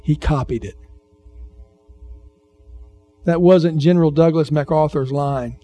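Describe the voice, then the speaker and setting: A man's voice: on the high side, slow pace, mellow, soft background music. A man preaching a sermon as pastor, conversational, repeating phrases and questioning the congregation.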